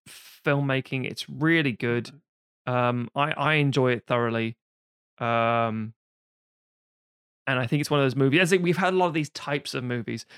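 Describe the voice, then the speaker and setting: A man, co-hosting a podcast, reviewing a film in casual, sweary, animated chat. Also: medium pitch, creaky, no room sound, clean studio sound. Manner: sweary, animated retelling of scenes. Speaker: podcast co-host reviewing films.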